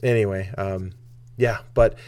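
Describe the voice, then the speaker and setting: A man talking casually on a podcast, rambling with many restarts and getting animated when he retells a comedian's bits. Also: fairly low pitch, unhurried, smooth. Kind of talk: casual chat.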